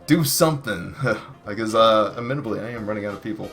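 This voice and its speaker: A man's voice: lowish voice, fast, a bit bright, faint music behind. A man hosting a casual podcast, rambling with lots of fillers and restarts. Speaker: podcast host.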